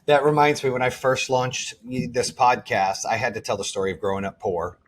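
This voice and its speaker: A man hosts a podcast in a casual, earnest way, rambling a little and restarting his sentences. His voice is husky and sits at an ordinary middle pitch. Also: fairly even intonation, brisk. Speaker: podcast host. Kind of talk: casual interview chat.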